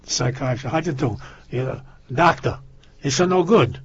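A man's voice: medium pitch, lively intonation, a little slow, vocal fry, slight background noise. A man putting on a fretful accented immigrant father. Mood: exasperated. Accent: foreign accent. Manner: broken, pleading speech. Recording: lo-fi muffled audio.

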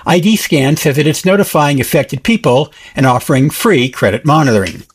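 A man's voice: on the high side, lively intonation, a little fast, slightly rough. A man hosting a short radio tech report in a scripted news delivery.

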